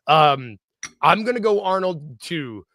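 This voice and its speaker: An excitable man co-hosting a casual podcast, his voice bright and forceful. He talks quickly between bursts of laughter and acted-out movie quotes. The sound is dry and close, with a slightly higher pitch than most men. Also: no room sound. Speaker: podcast co-host. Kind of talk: casual chat.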